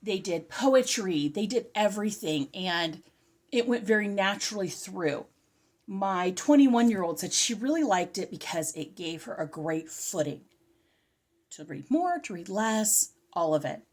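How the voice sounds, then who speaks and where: Animated chatty woman, a bit breathless. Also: mid-range voice, a little slow. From California. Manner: chatty, animated, self-interrupting. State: slightly out of breath. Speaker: homeschooling vlogger. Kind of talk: casual curriculum review.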